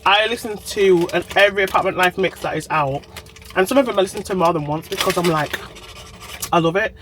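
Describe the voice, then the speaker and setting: A woman's voice: fairly low pitch, fairly quick, noisy background. Bubbly woman vlogging from her car. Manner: bubbly, chatty, talks straight to camera. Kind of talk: chatty diary vlog. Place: inside a parked car.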